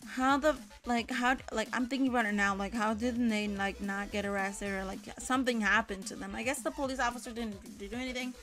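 A woman's voice: on the high side, steady tone, fairly quick, few pauses, music in the background. A young woman telling a casual story from her childhood, rambling with lots of fillers and frequent swearing. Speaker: storytime vlogger.

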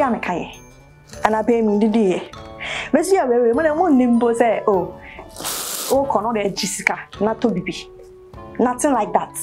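A woman's voice: fairly high pitch, darkish tone, close to an everyday voice. A woman with a Ghanaian accent playing a put-upon young intern who complains at length, mixing Twi and English. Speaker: national service trainee. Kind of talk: comic web-series acting.

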